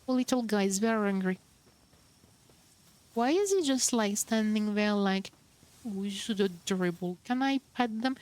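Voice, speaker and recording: A woman's voice: mid-range voice, moderate pace, darkish tone. A young woman streamer chatting casually while playing, bubbly and cooing over cute creatures. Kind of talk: casual gameplay commentary.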